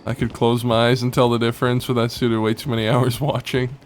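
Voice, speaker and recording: A man's voice: mid-range voice, little pitch movement, fairly quick, soft background music. A man with a Southern American accent chatting casually with his stream chat, rambling and restarting his sentences. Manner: rambling, laid-back, restarts often.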